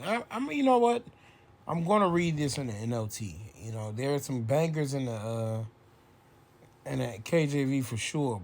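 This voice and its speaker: A man's voice: medium pitch, slight background noise. Man casually teaching scripture. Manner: reads verses slowly, then casual commentary with filler. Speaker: bible teacher. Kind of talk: informal scripture lesson.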